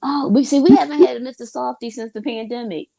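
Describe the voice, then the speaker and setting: Gravelly Philly woman, lively chat. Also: fairly high pitch, fast talker, no room sound, rough recording. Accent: Philadelphia. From Philadelphia. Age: middle-aged. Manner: loud, laughing, animated storyteller. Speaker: host. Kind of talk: casual chat.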